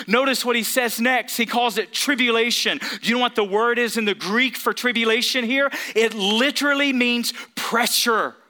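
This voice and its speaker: A man's voice: very high voice, pushed and bright. A man preaching a sermon, emphatic, calling out to the congregation for responses. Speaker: pastor.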